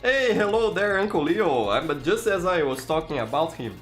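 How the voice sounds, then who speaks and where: This is a slightly high male voice at normal speed, with soft music in the background. The speaker, a weary man from Brazil with a Brazilian Portuguese accent, hosts a laid-back live stream, frequently restarting his sentences and calling out viewers by name.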